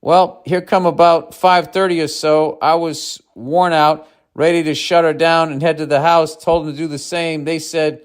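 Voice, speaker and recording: A man's voice: on the high side, little pitch movement, moderate pace, voice pushed up, lightly acted. A man voicing a Southern male carpenter with an American Southern accent, telling a work story in a folksy, exasperated way.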